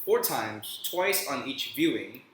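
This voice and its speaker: A young male co-host of middling pitch rambles and laughs at himself. The audio is very echoey and thin, as if the mic were left far across the room. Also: lively intonation, slow pace, fairly bright tone, slight background noise. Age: about 20. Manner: giggly, rambling, self-mocking. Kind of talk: casual podcast chat. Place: college house room.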